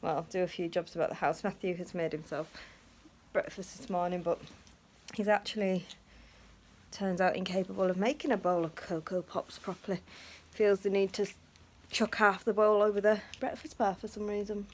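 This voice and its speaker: A woman's voice: steady tone, moderate pace. A middle-aged woman chatting casually to camera in a daily vlog, sometimes cooing at her pet birds. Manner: chatty, talks to her pet birds in a high sing-song voice. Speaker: vlogger.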